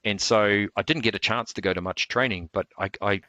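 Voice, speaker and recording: Low-voiced man telling rambling stories. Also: steady tone, a little fast, bright, forceful tone, no echo. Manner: rambling, full of restarts and fillers. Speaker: interview guest, martial artist. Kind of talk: casual storytelling interview.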